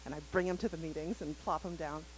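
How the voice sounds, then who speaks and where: A woman's voice: deep voice, steady tone, fast talker, a little hiss or hum, rough recording. A woman on a live community panel, telling a story animatedly and acting out the quotes. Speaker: parent panelist. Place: community center event.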